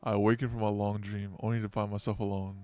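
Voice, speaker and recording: A man's voice: lowish voice, flat delivery, fast, warm tone, dry recording, faint music behind, lightly acted. Man reading as a proud, defiant monster tsar. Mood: brooding. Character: aging giant male beast-tsar, proud and defiant.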